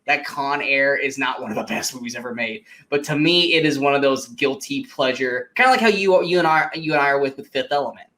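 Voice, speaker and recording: A man's voice: mid-range voice, a little fast, hardly any pauses, pushed and bright. A man co-hosting a casual movie podcast, talking enthusiastically, laughing often and quoting film lines. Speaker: podcast co-host.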